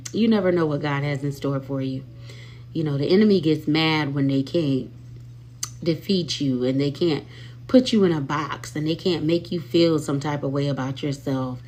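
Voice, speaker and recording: A woman hosting a casual live stream from home on her phone, talking sassily straight to her viewers and swinging between loud and soft. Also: low-pitched.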